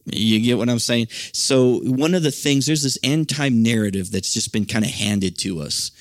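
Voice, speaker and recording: A man's voice: mid-range voice, moderate pace, no echo, clean studio sound. An American man preaching a sermon in an earnest, conversational way, full of "you know" and restarts. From United States. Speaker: pastor.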